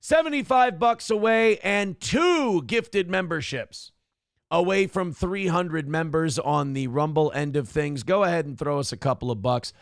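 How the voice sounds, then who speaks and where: Gravelly high-voiced profane host. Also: male voice, unhurried, dry recording, clean studio sound. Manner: profane, exasperated, rambling rants. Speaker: live-stream talk show host. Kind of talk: casual live-stream talk.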